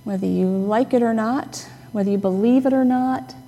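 A woman's voice: on the high side, moderate pace, slight background noise. Woman preaching in a reverberant church. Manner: conversational, gently humorous, emphatic on key words. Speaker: pastor. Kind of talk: sermon. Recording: long reverb of a hall.

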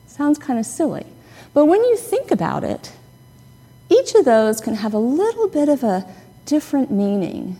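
A woman pastor giving a conversational, gently humorous sermon, stressing key words. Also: high-pitched, wildly swooping pitch, moderate pace, slightly rough. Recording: long reverb of a hall.

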